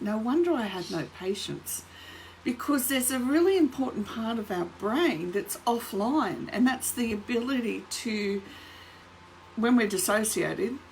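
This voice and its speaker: A middle-aged woman telling her own story straight to camera, candid and unguarded. She slips into her own inner voice for the remembered moments and laughs easily. Her pitch sits right in the middle, and a faint hiss runs under the recording. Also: rough recording. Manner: frequent light laughter. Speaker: trauma recovery educator. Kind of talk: personal talk to camera.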